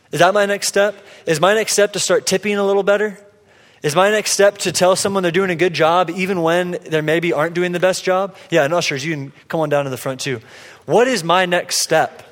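High-voiced pastor in a reverberant church. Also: male voice. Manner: storytelling, casual and conversational. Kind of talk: sermon. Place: church sanctuary. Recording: long hall reverb.

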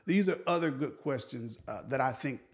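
A man's voice: medium pitch, lively intonation, moderate pace. A man of forty co-hosting a religious discussion podcast, talking earnestly and posing question after question. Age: 40s. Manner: earnest, asks a string of questions. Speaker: podcast co-host.

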